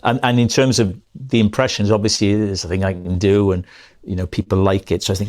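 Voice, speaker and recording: A man's voice: on the low side, flat delivery, brisk, a little mellow. A middle-aged male comedian chatting as a podcast guest, telling rambling anecdotes and correcting himself often. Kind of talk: casual podcast chat.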